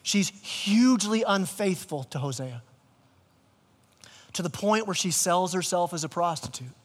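Guy with a pretty high voice giving a laid-back sermon, lots of restarts, long church echo. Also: expressive, unhurried. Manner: casual, conversational preaching with repeated restarts. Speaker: pastor. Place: church sanctuary.

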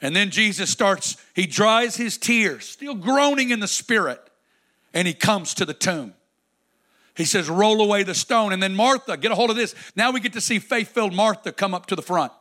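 Male preacher, high pitch, bright tone, dramatic sermon delivery with loud and hushed swings. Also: animated, moderate pace.

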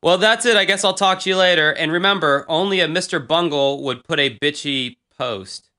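A man in his thirties hosts a podcast, reading his old diary posts in casual chat. His slightly high voice is brisk, bright, and forceful as he rambles with crude, self-mocking humor.

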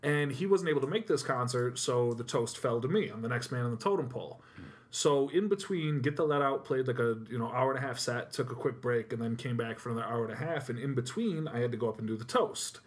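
A man with an Upstate New York accent co-hosting a podcast, telling an animated anecdote in casual chat. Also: medium pitch, fast. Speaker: podcast co-host.

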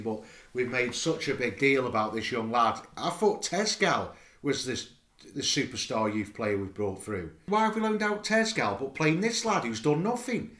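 A man talks through a football match with a co-host in a blunt, exasperated way. His voice sits at an ordinary middle pitch for a man. The room gives it a noticeable echo. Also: fairly bright tone. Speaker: podcast co-host. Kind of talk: casual football fan chat.

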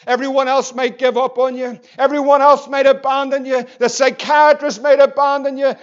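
A man preaching an impassioned sermon, swinging between loud and hushed. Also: very high-pitched, little pitch movement, normal speed, dull audio. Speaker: pastor.

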